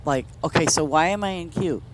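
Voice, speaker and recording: A woman's voice: low voice, fairly quick, slight background noise. Rambling woman streamer telling stories. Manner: rambling, lots of "you know" and restarts. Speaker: game streamer. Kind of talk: casual storytelling chat.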